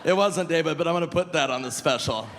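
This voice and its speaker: A male stand-up comedian performing live on stage, animated and shouting his punchlines high. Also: fast talker, background noise. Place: large live comedy venue. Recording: live hall with long reverb, faint crowd ambience.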